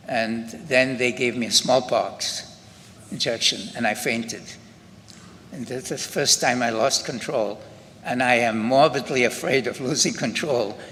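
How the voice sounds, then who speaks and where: An older Scottish man tells his story at a memorial ceremony in a slow, unhurried way, pausing and restarting often. His voice sounds bright and forward. It carries a long hall reverb over faint room noise. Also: mid-range voice. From Scotland. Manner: unhurried, halting, with frequent restarts. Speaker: Holocaust survivor speaker. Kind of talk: personal testimony at a memorial ceremony.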